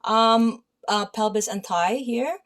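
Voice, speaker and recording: A woman's voice: a little high, takes it slowly. A woman with a Filipino accent teaches anatomy in a chatty style, with many fillers, and often checks in with her listeners. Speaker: massage therapy instructor. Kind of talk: casual anatomy lesson.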